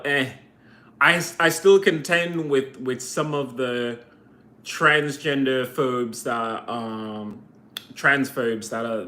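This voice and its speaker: A man's voice: medium pitch, a bit bright. A man vlogging a heated, profane rant to camera, full of sarcastic rhetorical questions. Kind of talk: ranting monologue to camera.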